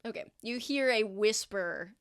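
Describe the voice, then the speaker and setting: A woman's voice: medium pitch, unhurried, fairly bright tone, clear, resonant tone. A woman narrating as game master in casual, rambling speech full of fillers.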